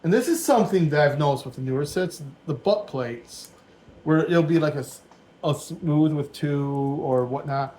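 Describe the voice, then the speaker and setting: A man's voice: on the high side, normal speed, dark tone, poor audio. A man in his forties giving casual, rambling commentary while he builds a Lego set at home, thinking aloud as he goes. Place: dim room at home.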